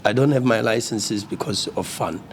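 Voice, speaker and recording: A man's voice: fairly low pitch, normal speed, slight background noise. A man, a football coach speaking at a post-match press conference, passionate and repeating words when agitated. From South Africa.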